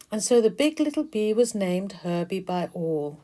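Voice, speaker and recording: A woman, the author, narrating a children's storybook in a gentle, expressive way. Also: medium pitch, moderate pace, few pauses.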